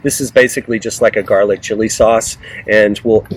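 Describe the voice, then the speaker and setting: A man's voice: on the low side, fairly even intonation, fairly quick, breathy edge. A man cooking on camera as a guest cook, chatty and explaining each step while calling the viewers "guys". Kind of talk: cooking demonstration.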